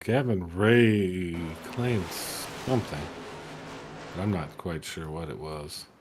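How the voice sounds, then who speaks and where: A man's voice: low-pitched, expressive, slow pace, background noise. A man doing casual commentary on a sim race, joking and sarcastic in banter with his co-hosts.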